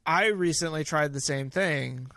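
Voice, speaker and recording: A man's voice: a little high, a little slow, a bit bright, no echo, studio quality. A man in his thirties co-hosting a casual podcast chat, easygoing and reflective, acting out quotes from his daughter. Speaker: podcast co-host.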